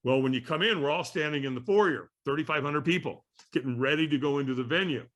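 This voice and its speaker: A man telling an animated story as a guest on an interview podcast, acting out the voices of people in it. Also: a little high, fast talker.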